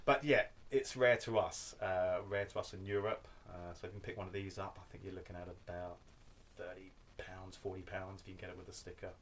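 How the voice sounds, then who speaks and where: Man, low voice, casual record-collector vlog, rambling, wry asides, keeps saying okay, faint background hiss. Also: steady tone, brisk. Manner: rambling, tags lines with "okay?"; wry, self-deprecating asides. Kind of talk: casual show-and-tell vlog.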